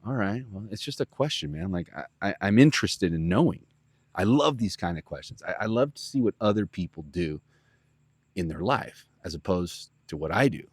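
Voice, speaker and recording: A man with a deep, low voice tells a casual story as a podcast host. He rambles and gets animated, with plenty of "like" and "you know". The sound is dry and close. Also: normal speed, husky, no echo. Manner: rambling, animated, lots of fillers.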